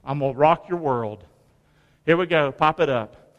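A man preaching a lively, folksy sermon in a church, calling the congregation to answer back. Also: a little high, moderate pace, highs cut off. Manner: folksy, call-and-response preaching. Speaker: pastor. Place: large church sanctuary. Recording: long reverb of a large hall.

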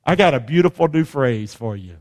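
A male pastor preaching a sermon, calling on the congregation to repeat after him and swinging between hushed words and shouts. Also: medium pitch, expressive, brisk. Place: church sanctuary. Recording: long hall reverb.

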